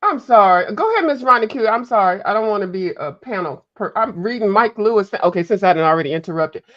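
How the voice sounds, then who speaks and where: A woman's voice: medium pitch, fast. A woman panelist gossips and cuts in during a casual online chat. Her voice comes through dull, lo-fi remote audio. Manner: animated gossiping, interjecting.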